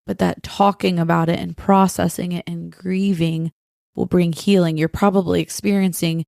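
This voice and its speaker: A woman's voice: lowish voice, little pitch movement, normal speed, creaky, a little mellow, no room sound, studio quality. A woman co-hosting a faith-based podcast, speaking tenderly and earnestly straight to listeners. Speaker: podcast co-host. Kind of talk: heartfelt faith-based talk.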